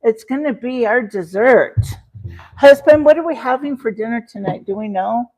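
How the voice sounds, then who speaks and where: Broadcasting from her home kitchen, a Rocky Mountain livestream host cooks and talks to her chat in a rambling, filler-heavy way. She speaks at normal speed in a slightly high, somewhat mellow voice with lively intonation, though the audio quality is poor.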